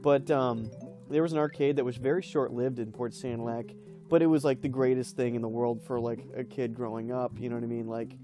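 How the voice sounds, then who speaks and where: A man's voice: medium pitch, steady tone, brisk, warm tone, faint music behind. A young man casually commenting while playing a video game, rambling and laughing through stories with lots of fillers. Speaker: let's play host.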